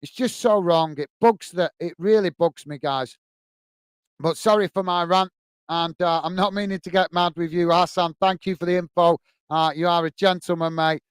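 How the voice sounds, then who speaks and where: A man's voice: sits high, fairly even intonation, normal speed, clean tone, dry recording. A man hosting a live football watch-along stream. He rants passionately and chats with viewers, calling them mate, between bits of match commentary. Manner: passionate, ranting, chatty, addresses viewers as mate.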